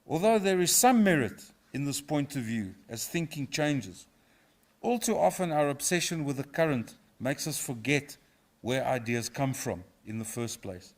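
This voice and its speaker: A middle-aged professor from South Africa, giving a formal inaugural lecture in a measured, reflective way with a touch of humour. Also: male voice, mid-range voice, expressive. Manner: measured, reflective, lightly humorous. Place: university auditorium.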